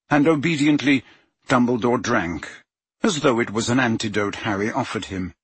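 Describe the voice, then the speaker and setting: A man narrating an audiobook in an expressive, unhurried way, acting out the characters' voices. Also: medium pitch, slightly rough, no room sound. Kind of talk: dramatic audiobook reading.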